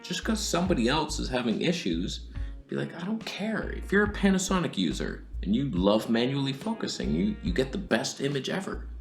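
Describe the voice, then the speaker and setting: A man's voice: mid-range voice, big pitch swings, a little fast, soft background music. A man giving a sarcastic, comedic camera review, swinging between whispers and outbursts.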